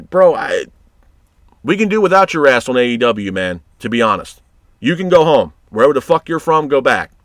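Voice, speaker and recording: A man's voice: mid-range voice, dry recording, studio quality. A man reviewing a wrestling show in a heated, profane rant, exasperated and blunt. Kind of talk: ranting commentary.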